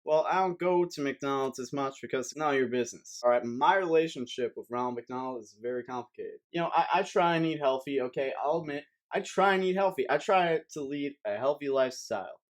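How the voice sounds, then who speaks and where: A man's voice: medium pitch, fairly quick, few pauses. A young man giving a rambling, sarcastic comedic rant to camera as a vlogger, swearing often.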